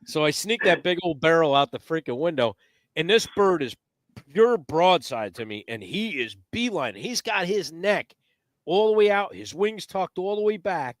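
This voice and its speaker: A man telling a hunting story in casual podcast chat, animated and profane, acting out the quotes. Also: on the high side, normal speed, no echo, clean studio sound. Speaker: podcast guest.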